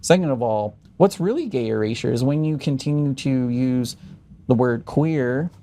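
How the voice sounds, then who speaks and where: Male podcast guest, dark voice, rambling and provocative. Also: mid-range voice, moderate pace. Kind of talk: casual chat.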